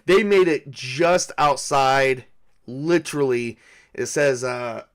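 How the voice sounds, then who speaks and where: Narrating a tabletop game alone as game master, a man muses out loud, hesitating and leaning on fillers. He talks slowly at a middling pitch.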